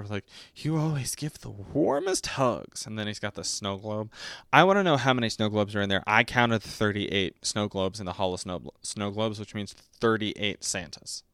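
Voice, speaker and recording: A man in his twenties chatting casually about a movie, rambling and self-mocking, often breaking into squeaky high put-on voices. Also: fairly bright tone, clean tone, no room sound, clean studio sound. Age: 20s. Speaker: podcast host reviewing a movie.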